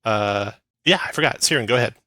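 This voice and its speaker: A man running a tabletop game as game master, quick and chatty, laughing often. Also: lowish voice, animated, sharp tone, no room sound.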